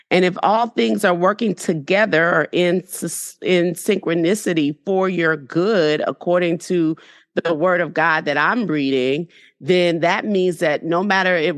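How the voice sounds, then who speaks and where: A middle-aged woman speaks as an interview guest in a fairly low voice. She tells her story earnestly and with conviction, weaving in faith and many "you know"s. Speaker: entrepreneur guest. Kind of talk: candid conversational interview.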